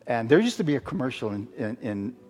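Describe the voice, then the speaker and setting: A middle-aged man from Arizona, a guest preacher telling a story as a sermon testimony, halting, with many fillers and restarts. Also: mid-range voice, sing-song, darkish tone. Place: church sanctuary. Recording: long hall reverb with faint music.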